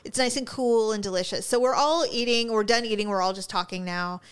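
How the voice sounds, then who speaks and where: A woman's voice: fairly high pitch, a little fast, clear, resonant tone. A middle-aged woman in casual chat, telling stories with playful exaggeration and frequent laughter.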